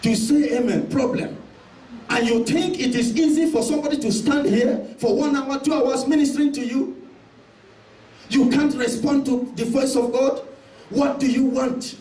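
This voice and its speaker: A male pastor preaching an impassioned sermon with heavy repetition and shouted declarations. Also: very high voice, steady tone, normal speed. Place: church hall. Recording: echoey church hall, mic at a distance, congregation audible.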